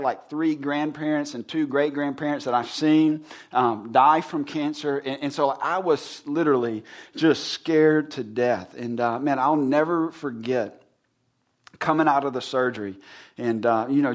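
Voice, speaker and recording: A man in his thirties preaching a sermon, telling a personal story in an earnest, casual way, dropping low and soft when he quotes words of comfort. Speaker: pastor.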